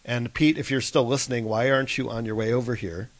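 A man's voice: mid-range voice, fairly even intonation, fast. A man hosting a call-in radio show, casual and teasing. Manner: jokey, teasing.

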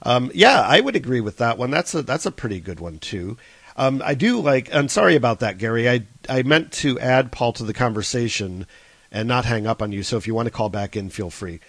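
A man's voice: mid-range voice, lively intonation, a little fast, fairly bright tone, slightly rough, no room sound. A man hosting a casual call-in web show over Skype, flustered and apologetic, laughing often.

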